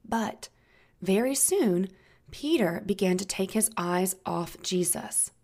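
A woman narrating a Bible story for young children, gentle and inviting the listeners to join in. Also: mid-range voice, animated, slow.

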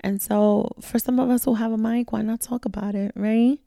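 A woman's voice: a little high, fairly even intonation, moderate pace, vocal fry, mellow, no echo, clean studio sound. A woman hosting her own podcast, talking candidly and reflectively in a casual monologue, with slang and swearing. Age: adult, a mother. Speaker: podcast host; mentor to young women.

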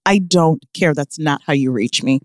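A woman's voice: low voice, moderate pace, no room sound, clean studio sound. A woman co-hosting a podcast in casual chat, blunt and exasperated, laughing often. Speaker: podcast co-host.

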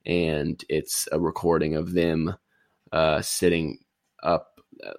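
Deep creaky-voiced man recapping casually. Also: level tone, slow pace, dry recording, clean studio sound. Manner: rambling, easygoing storytelling. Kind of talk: casual chat, retelling a movie plot.

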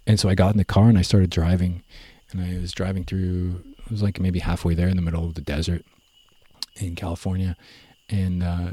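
A young man telling his story in a relaxed, rambling way, full of fillers and self-corrections. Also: deep voice, breathy edge. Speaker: guest. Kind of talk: casual conversational storytelling.

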